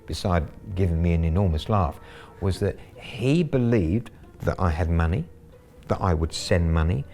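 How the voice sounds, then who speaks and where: A man recounts his scambaiting exploits in a wry, gleeful documentary telling. His voice sits fairly low, with a little music drifting faintly beneath it. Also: a little mellow. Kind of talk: documentary storytelling.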